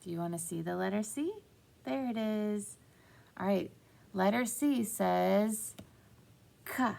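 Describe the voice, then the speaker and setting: A woman teaching young children a phonics lesson, slow and encouraging, stretching out words. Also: medium pitch, creaky, dark tone.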